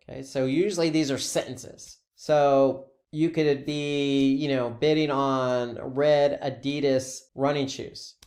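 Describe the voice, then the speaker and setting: A man explaining a lesson conversationally, walking through examples with frequent "okay" and "so". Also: a little high. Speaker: instructor.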